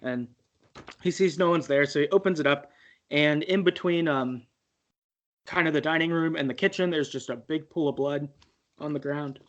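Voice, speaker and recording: A man retelling a story game to his co-host in a loose, chatty way. His voice sits slightly above the usual male pitch, and his sentences keep restarting and trailing off. He laughs easily as he talks. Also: moderate pace, long pauses, fairly bright tone, dull audio. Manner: rambling, many fillers and restarts, laughs easily. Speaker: podcast co-host. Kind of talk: casual game recap chat.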